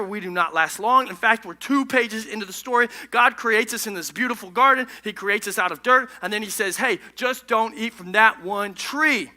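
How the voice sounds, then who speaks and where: A male pastor giving an energetic, conversational, jokey sermon in a church. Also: high voice. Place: church stage.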